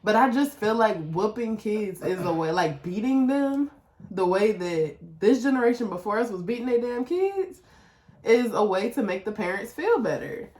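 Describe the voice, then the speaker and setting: A woman's voice: animated, moderate pace, darkish tone. A woman co-hosting a podcast with a Detroit accent, chatting candidly and with a lot of profanity, often laughing. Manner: candid, profane, laughing often, imitates her child in a high voice. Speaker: podcast co-host. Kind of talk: casual chat. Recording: echoey room.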